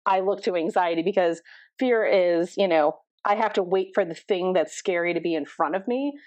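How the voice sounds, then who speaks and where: Middle-aged woman therapist, low dull voice. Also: moderate pace, darkish tone, dry recording. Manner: thoughtful, explaining with many likes and you knows. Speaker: therapist and podcast guest. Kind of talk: conversational podcast interview. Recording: dull, dry podcast audio.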